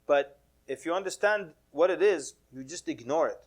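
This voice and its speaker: Male preacher, casual sermon, animated storytelling, acts out voices, somewhat high-pitched. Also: moderate pace. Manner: lively storytelling, acting out quoted voices with humor; mixes in Arabic religious phrases. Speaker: Islamic preacher. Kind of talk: casual sermon talk to a mosque audience.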